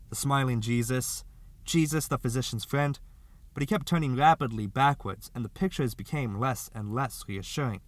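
A man's voice: medium pitch, no echo. Man reading a short story aloud. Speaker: audiobook narrator. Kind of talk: literary audiobook reading.

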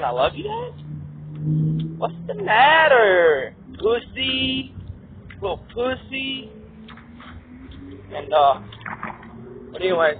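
A man delivering an angry, profane, rambling rant to camera, recorded outdoors on a phone mic. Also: high-pitched. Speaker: vlogger. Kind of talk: ranting monologue to camera. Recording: tinny lo-fi audio with wind noise.

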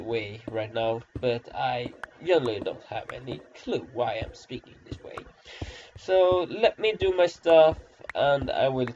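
A man's voice: medium pitch, noisy background. A man rambling through gameplay commentary, self-deprecating and sarcastic, in a dull lo-fi recording. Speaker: gamer.

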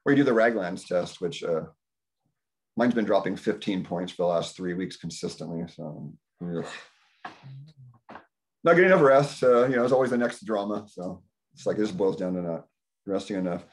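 A man's voice: moderate pace, long pauses. A man in his fifties giving a rambling, casual talk at a community dinner, telling stories and acting out his own thoughts. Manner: animated storytelling, acts out his own thoughts in higher voice. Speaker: health practitioner speaking at a community dinner. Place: indoor community dinner gathering.

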